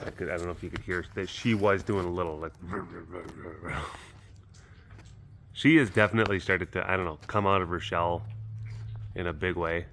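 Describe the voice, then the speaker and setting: A man's voice: deep voice, fairly even intonation, normal speed, fairly bright tone, slight background noise. A man chatting casually to camera outdoors by animal enclosures, doting and affectionate toward the cats. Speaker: vlogger at a wild animal facility. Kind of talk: casual vlog chat to camera.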